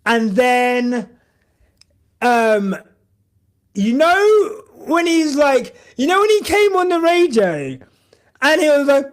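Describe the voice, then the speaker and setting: A man's voice: very high voice, big pitch swings, slow pace, long pauses. A young man hosting a live stream, chatting casually and emotionally in a rambling way with lots of fillers. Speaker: podcast host streaming live.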